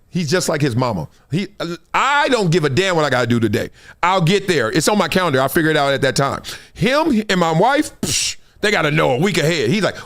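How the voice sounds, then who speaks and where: A man's voice: sits high, a little fast. A man hosting a live sports talk stream, telling stories with laughs and lots of energy. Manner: animated, laughing, storytelling. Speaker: host.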